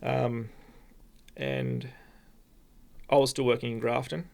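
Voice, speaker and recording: Aussie guy, really gravelly crackly voice, rambles on, keeps restarting, podcast guest. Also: medium pitch, fairly even intonation, a little mellow. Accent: Australian. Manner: rambling, halting, many restarts. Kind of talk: casual storytelling.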